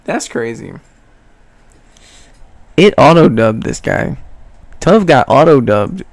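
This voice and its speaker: A man's voice: medium pitch, very animated, takes it slowly, gravelly, dry recording. A young man streaming live, chatting in a laid-back, rambling, slangy way and laughing often, with music playing behind him. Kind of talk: casual livestream reaction chat.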